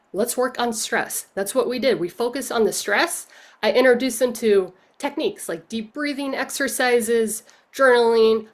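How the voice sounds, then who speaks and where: A woman coach giving a conference talk, telling a story and asking rhetorical questions. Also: a little high. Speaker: coach speaking at a leadership conference.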